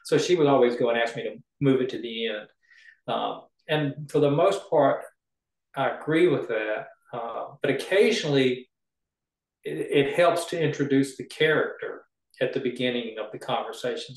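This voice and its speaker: Male writing coach, mid pitch, chatty and example-driven, roomy echo. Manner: chatty, explains with homey examples. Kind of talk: casual teaching chat.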